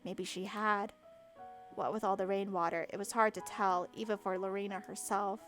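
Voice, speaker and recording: A woman streamer reading a visual novel aloud with expressive, self-mocking asides. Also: medium pitch, moderate pace, soft background music. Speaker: let's play streamer.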